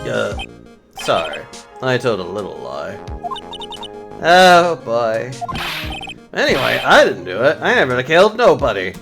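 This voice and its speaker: A streamer voicing a frantic male convict who pleads his innocence, in a bad put-on Cockney accent and a loud, stammering, pleading manner. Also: mid-range voice, wildly swooping pitch, measured pace, gravelly, long pauses, heavily acted. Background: game music.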